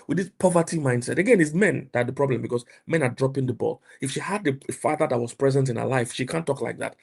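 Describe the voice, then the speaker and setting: Husky-voiced Nigerian man preaching emphatically. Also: mid-range voice, fast, hardly any pauses. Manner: emphatic, repetitive, rising to loud outbursts. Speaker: pastor and mentor. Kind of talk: motivational preaching.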